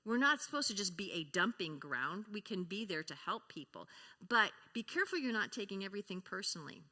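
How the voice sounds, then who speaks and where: A woman's voice: mid-range voice, sing-song, brisk, bright, forceful tone, in a large hall. An older woman speaking at a church service, teaching in an earnest way and acting out short sample conversations. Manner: earnest, acts out sample dialogue. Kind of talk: sermon teaching.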